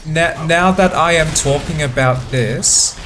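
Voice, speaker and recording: A gameplay commentator gives relaxed let's-play commentary, speaking extremely slowly in a fairly high voice and pausing and repeating words as he thinks aloud. Faint room ambience and a little hiss or hum sit behind him.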